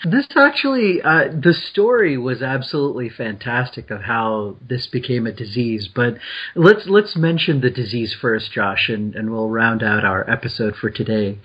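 A man's voice: mid-range voice, lively intonation, moderate pace, breathy edge, dull audio. A man co-hosting a podcast in casual chat, giggling often and rambling through explanations with many restarts. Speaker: podcast co-host.

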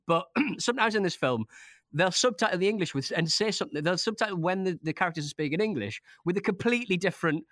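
Guy on a podcast, rapid and excitable, somewhat high voice, stumbles a lot. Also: no room sound, clean studio sound. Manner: fast, excitable, with many restarts. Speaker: podcast co-host. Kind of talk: casual film chat.

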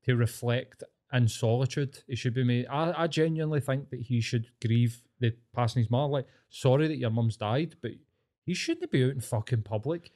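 A man's voice: mid-range voice, moderate pace. A young Scottish man co-hosting a podcast, swearing a lot as he rants in casual chat. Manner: sweary, ranting, animated. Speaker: podcast co-host.

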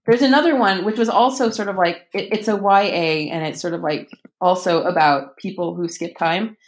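Chatty, lowish-voiced woman author. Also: moderate pace. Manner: chatty and enthusiastic, many ums and restarts. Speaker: author and podcast guest. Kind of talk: casual conversational interview.

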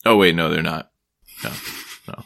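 A man's voice: extremely low pitch, normal speed, vocal fry, fairly bright tone, no room sound. A man from Maryland co-hosting a podcast, ranting casually with profanity and wry laughs. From Maryland, USA. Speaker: podcast co-host. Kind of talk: casual chat.

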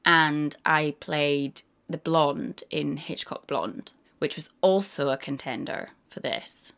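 Here a thirtysomething actress, guesting on a laid-back interview, spins lively anecdotes and puts on voices when quoting people. She speaks low and unhurried, with some vocal fry.

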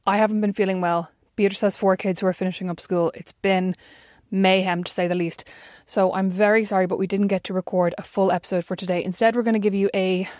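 A woman co-hosting a chatty podcast with her sister. She talks in a loose, self-deprecating way and laughs often. Her voice sits at a middle pitch and is recorded dry and close. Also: steady tone, quick pace, hardly any pauses, darkish tone, no echo. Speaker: podcast co-host. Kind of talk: casual chat.

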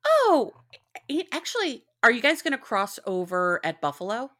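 A woman's voice: on the high side, sing-song, brisk, bright, forceful tone. A middle-aged woman guest on a podcast, chatting casually with dry humor and laughing along. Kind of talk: casual chat.

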